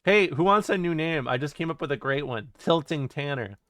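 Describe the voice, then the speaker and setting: This streamer's voice is fairly high, quick and fairly bright with lively intonation, captured in a dry recording. He reads his chat aloud casually, joking, cursing and laughing often.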